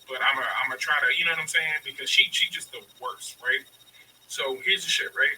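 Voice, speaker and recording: A man's voice: mid-range voice, steady tone, brisk, sharp tone, distant mic, a little hiss or hum, low-quality recording. A man in his thirties telling a story in casual chat, profane and emphatic, acting out both sides of the arguments. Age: 30s. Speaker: podcast host telling a story.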